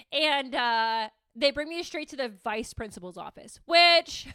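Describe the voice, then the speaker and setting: Casting: woman in her thirties, high bright voice, candid storyteller, swears freely. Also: a little slow, smooth, no echo. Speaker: podcast host. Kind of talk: casual storytelling.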